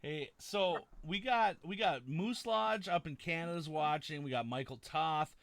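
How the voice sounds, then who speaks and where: A boisterous man hosting a live horror podcast, loud and full of profanity. His voice is bright and forceful, recorded dry and close on a desk mic. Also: fairly high pitch, a little slow, vocal fry, no echo. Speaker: podcast host. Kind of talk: casual live-stream chat.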